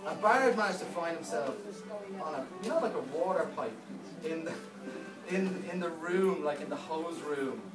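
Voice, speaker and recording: A man giving a best man's speech at a wedding, telling a story and quickly acting out what others said. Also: on the high side. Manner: anecdotal, playing others' lines in quick quotes. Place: wedding reception hall. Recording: echoey hall, speaker far from mic, loud music.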